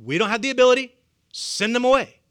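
A man's voice: extremely high pitch, fast talker, fairly bright tone, voice pushed up. A man voicing a group of practical male disciples in a Southern US accent, reasoning aloud in disbelief. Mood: protesting.

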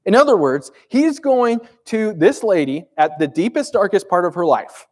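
A man's voice: high voice, animated, moderate pace. A man preaching a sermon as pastor, speaking conversationally and emphatically with rhetorical questions.

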